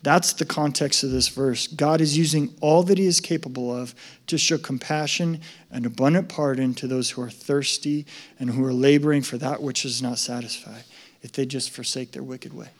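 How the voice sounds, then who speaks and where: A male pastor preaching a sermon in a conversational, emphatic way that rises to loud excitement. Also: mid-range voice, normal speed.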